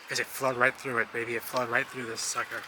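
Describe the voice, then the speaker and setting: A man vlogging outdoors among rubble, rambling excitedly and talking straight to his viewers as he points things out. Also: medium pitch, fast. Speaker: vlogger exploring ruins. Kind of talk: casual walk-and-talk commentary. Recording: loud outdoor traffic noise.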